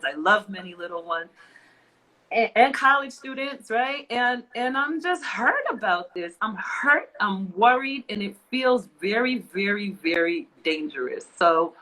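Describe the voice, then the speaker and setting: During an emotional, casual podcast chat, a woman co-host vents passionately and repeats phrases for emphasis. Her medium-pitched voice is expressive, pushed, and bright, and she speaks a little slowly on a low-quality recording.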